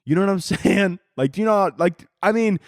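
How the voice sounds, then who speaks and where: A man's voice: high voice, moderate pace, no echo, studio quality. A man of twenty hosting a podcast, rambling through a crude, comedic monologue with lots of swearing and frequent laughter. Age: 20s. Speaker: podcast host.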